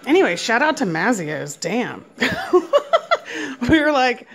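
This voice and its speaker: A woman's voice: wildly swooping pitch, slow pace, faint music behind. Sing-song mother cheering her son. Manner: sing-song praise, swinging from soft murmurs to high cheers. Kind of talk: casual home video chat. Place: home.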